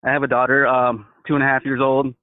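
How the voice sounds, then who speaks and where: A man's voice: mid-range voice, monotone, fast, a little hiss or hum. A first-time male caller, eager and stammering, calling people "bro" and "dude". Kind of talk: casual phone call. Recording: phone line.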